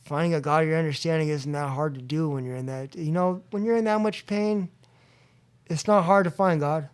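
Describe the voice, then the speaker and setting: A man recounting a personal story as a podcast guest, acting out the voices of others and going quiet when reflective. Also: brisk, smooth. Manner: animated, acts out quotes with rising pitch and loudness. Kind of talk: storytelling in a recovery podcast interview. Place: room at a convention.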